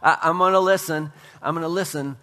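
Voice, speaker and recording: A man's voice: a little high, steady tone, brisk, sharp tone. A man voicing a rueful, chastened male prophet within a sermon, sheepish and resolved. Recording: long reverb of a church hall.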